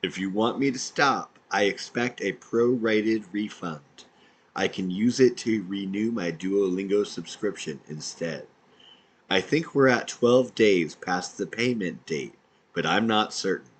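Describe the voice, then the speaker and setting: A man's voice: lowish voice, measured pace, breathy edge, low-quality recording. A man, an independent podcaster, reading out his own messages in a dry, matter-of-fact way.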